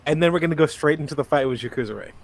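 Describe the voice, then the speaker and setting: A man with a fairly high voice chimes in on a podcast. He talks in an upbeat, chatty way. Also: very fast. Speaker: podcast co-host. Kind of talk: casual podcast chat.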